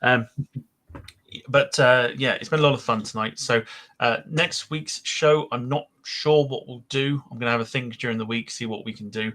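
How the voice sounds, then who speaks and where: A man's voice: mid-range voice, steady tone, moderate pace, fairly bright tone. A man hosting a podcast, chatting casually and rambling with lots of ums as he wraps up the show. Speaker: podcast host. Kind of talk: casual podcast chat and sign-off.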